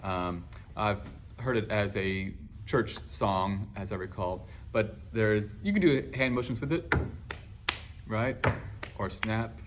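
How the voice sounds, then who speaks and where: A man, a choir teacher, explaining warm-up exercises in casual teaching talk, now and then breaking into song. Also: lowish voice, slow pace, noisy background. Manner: animated, bursts into singing and acted class responses.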